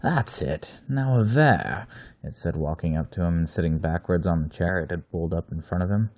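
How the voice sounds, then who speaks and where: A man's voice: low voice, normal speed, darkish tone, dry recording. A man reading aloud and voicing a male werewolf killer who talks in a mock-fatherly, toying way, with sudden snarls. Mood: menacing. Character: male werewolf killer, deep smooth voice, fatherly yet cruel.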